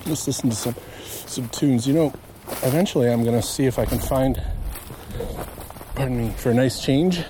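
A nature walk vlogger rambles to himself while strolling through a marsh, chatty and meandering, chuckling at his own stories. His voice sits at medium pitch with a moderate pace, and the outdoor recording carries a noisy background.

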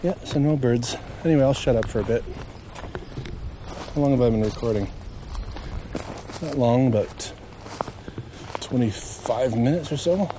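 A nature walk vlogger rambles casually to himself while walking through a marsh, recorded outdoors amid background noise. His mid-range voice goes a little slowly with frequent pauses, and he chuckles at his own meandering, chatty stories.

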